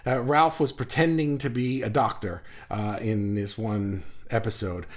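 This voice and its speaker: A man's voice: fairly low pitch, steady tone, unhurried. A man hosting a live stream, reading viewers' comments aloud and riffing on them in a rambling, self-mocking way. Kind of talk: casual live-stream chat.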